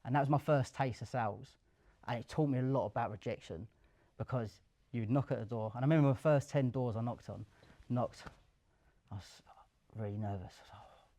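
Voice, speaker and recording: A young man tells his story at a live event in an office. He is chatty and lively, slipping into the voices of the people he quotes. His voice sits at an ordinary middle pitch. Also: brisk, pauses often. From Essex, England. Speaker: guest, career switcher. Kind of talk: casual storytelling interview.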